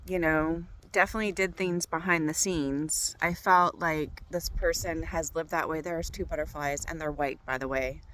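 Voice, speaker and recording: A woman's voice: low-pitched, fairly even intonation, moderate pace, few pauses, fairly bright tone, a little hiss or hum, low-quality recording. A woman tarot reader talking to her viewers outdoors on a walk, bubbly and gushing. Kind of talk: tarot reading vlog outdoors. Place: outdoors on a walk by a golf course.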